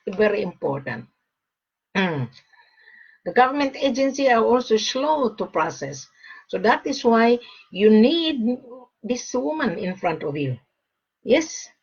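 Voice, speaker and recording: Blunt, husky-voiced woman broker. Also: fairly high pitch. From Australia. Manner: blunt, emphatic, repeats points. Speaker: gold and diamond broker. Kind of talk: direct-to-camera advice talk. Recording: dull lo-fi recording.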